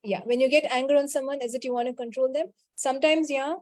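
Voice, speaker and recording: A woman leads a spiritual coaching call, answering participants and repeating a quick clearing chant. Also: high voice, fairly even intonation, no echo. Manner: answers participants' questions directly, scolding gently. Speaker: healing call facilitator.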